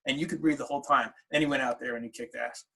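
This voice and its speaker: Bright-voiced middle-aged man, halting storyteller. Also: mid-range voice, steady tone, creaky, husky, rough recording. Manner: halting storyteller with many fillers and restarts. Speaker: interview guest, wrestler's father. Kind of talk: casual podcast interview.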